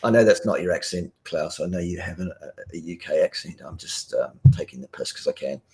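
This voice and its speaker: A man, a guest on a live stream, talking bluntly and forcefully with many ums and restarts, over a video call. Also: deep voice, brisk. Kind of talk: casual live-stream talk.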